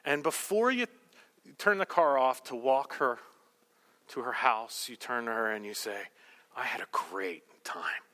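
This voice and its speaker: A man's voice: mid-range voice, unhurried, bright, forceful tone. A man preaching a sermon, acting out the lines of the people in his story, sometimes dropping to a whisper. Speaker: pastor.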